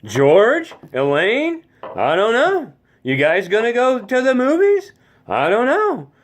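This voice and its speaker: A man's voice: extremely high pitch, wildly swooping pitch, slow pace, pitched above the performer's own voice, heavily acted. A man doing an impression of a famous male sitcom comedian, with a sing-song questioning cadence. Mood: quizzical.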